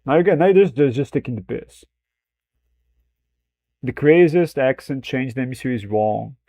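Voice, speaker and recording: Mellow-voiced man rambling while reacting. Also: medium pitch, moderate pace, no echo. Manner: swears freely, rambling, laughs at himself. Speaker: streamer reacting to a film clip. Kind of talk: casual reaction commentary.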